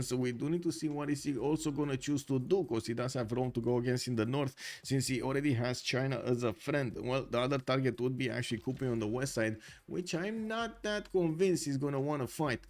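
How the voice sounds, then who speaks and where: A man's voice: medium pitch, darkish tone. A man giving live commentary on a strategy game tournament, chatty and thinking aloud with many fillers. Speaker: esports caster.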